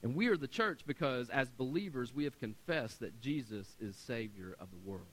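Emphatic bright-voiced male pastor. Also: medium pitch, expressive, moderate pace, rough recording. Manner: emphatic, repeats words for stress, swings between loud and soft. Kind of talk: sermon. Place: church sanctuary.

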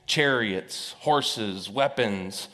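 A man's voice: on the low side, drawn-out words, pushed and bright. A man preaching a sermon as a pastor, telling a Bible story in a loose, conversational way with frequent fillers. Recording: echoey hall reverb.

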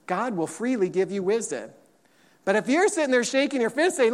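A man preaching a sermon as pastor, emphatic and lively, repeating points and acting out quotes. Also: extremely high pitch, brisk. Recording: long hall reverb.

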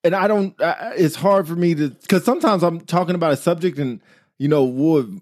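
A man co-hosts a casual talk show, speaking briskly in a slightly high voice. He's animated, illustrating his points with examples and acting out quoted remarks, and the recording is clean studio sound with no echo.

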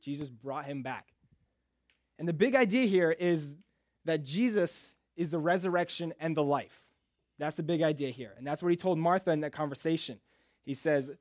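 A man preaching a casual, joking sermon in a relaxed conversational way. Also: fairly high pitch, normal speed, no echo, clean studio sound.

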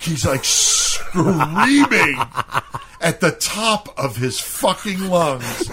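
Profane, animated male podcast storyteller. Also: on the high side, very slow, noisy background. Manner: profane, animated, laughs through his story. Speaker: podcast co-host. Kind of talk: casual storytelling chat.

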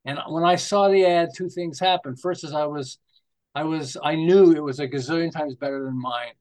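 Older man, from Canada, higher pitch, rambling storyteller, podcast guest. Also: moderate pace. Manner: rambling, animated anecdotes with restarts. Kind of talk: casual interview storytelling.

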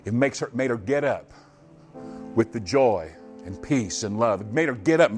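A man preaching a sermon in a church on a microphone, swinging from high, loud passages to low, quiet asides, his voice going hoarse. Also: lively intonation, normal speed, faint music behind. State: losing his voice. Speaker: pastor. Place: church sanctuary. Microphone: handheld or stage microphone.

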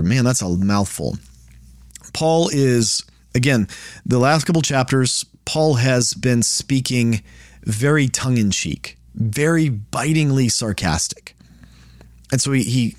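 A man's voice: mid-range voice, dry recording, clean studio sound. A man hosting a Bible study, teaching in a conversational way and often restarting phrases as he explains. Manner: conversational, restarts and repeats words while explaining.

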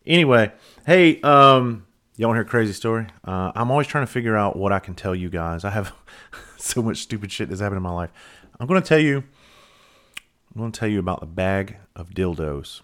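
A man's voice: lowish voice, lively intonation, brisk, a bit bright. A middle-aged man hosts a podcast, telling a rambling, profane story in a loose, self-mocking way. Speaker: podcast host. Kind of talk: casual storytelling.

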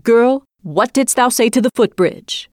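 A shrill, haughty young bride from a storybook, as a woman reader puts her on, her voice pitched high and her words stretched out in sharp indignation. She sounds demanding and quick to anger. The recording is dry and close, with no room sound. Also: no echo, close to an everyday voice.

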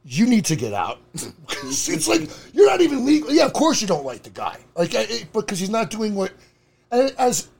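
A man telling a story on a podcast in an animated, laughing, crude way. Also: high-pitched, normal speed, vocal fry. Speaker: podcast co-host. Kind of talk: casual storytelling.

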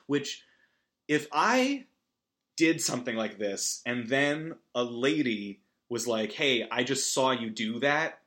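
A man hosting a podcast, recapping a movie in a rambling, self-deprecating way with big animated swings. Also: medium pitch. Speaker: podcast host.

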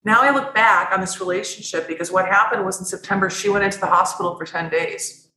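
As a podcast guest, a woman tells her own story candidly and earnestly, rambling and often restarting sentences. Her mid-range voice is fast and sharp-toned, recorded in an echoey room with poor audio.

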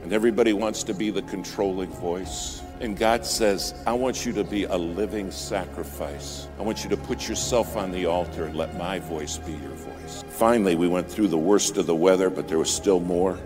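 Low-voiced preacher over music. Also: male voice, normal speed, few pauses. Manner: dramatic, rises to loud emphatic peaks then drops to near whispers. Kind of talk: sermon storytelling. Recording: music bed under the voice.

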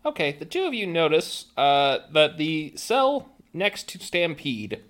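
A man narrating as game master of a tabletop game in a quick, offhand way, over faint background music. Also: on the high side, sing-song, a bit bright.

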